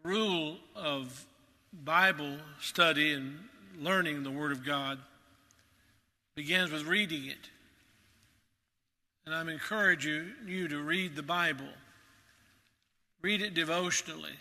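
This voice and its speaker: A man's voice: on the high side, bright, forceful tone, big-room sound. A man preaching a sermon as pastor, earnest and emphatic, repeating key phrases for weight. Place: church sanctuary.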